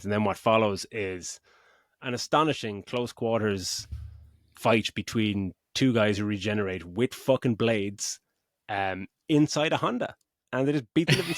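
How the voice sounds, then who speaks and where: A man's voice: medium pitch, dry recording, clean studio sound. A middle-aged man co-hosting a podcast, chatting animatedly about a film, swearing freely and acting out quotes. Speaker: podcast co-host. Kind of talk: casual film chat.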